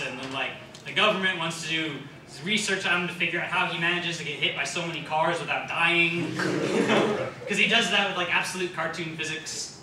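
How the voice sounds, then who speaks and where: A young man on a convention panel, rambling through a funny story, laughing often and acting out quotes. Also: a little high. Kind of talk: casual comedic storytelling. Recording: echoey hall, distant mic, noisy.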